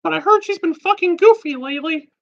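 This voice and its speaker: Someone putting on a squeaky cartoon mouse voice. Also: quick pace, creaky, no echo, highs cut off. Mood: mischievous. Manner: cheeky, crude, giggly. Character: squeaky cartoon mouse prank-calling a store.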